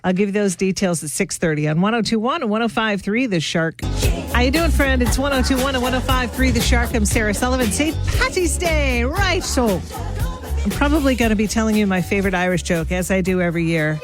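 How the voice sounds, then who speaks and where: A woman's voice: medium pitch, fast talker, over music. A woman hosting a morning radio show, chatting casually and self-deprecatingly with her listeners as if they were friends.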